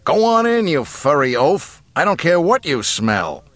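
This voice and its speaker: A man reading aloud and voicing a cocky, sarcastic smuggler pilot, loud and brash. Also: sits low, sing-song, moderate pace, dry recording, full character voice.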